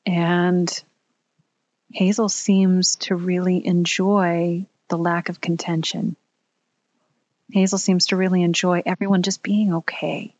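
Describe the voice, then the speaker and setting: A woman telling a personal story in a candid, earnest way, pausing at the emotional moments. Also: on the low side, little pitch movement, a little mellow, dull audio.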